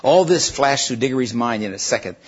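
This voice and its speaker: Husky man reading a story aloud. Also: medium pitch, lively intonation. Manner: plain, somewhat halting retelling with restarts. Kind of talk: retelling and reading a children's novel aloud. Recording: dull lo-fi recording.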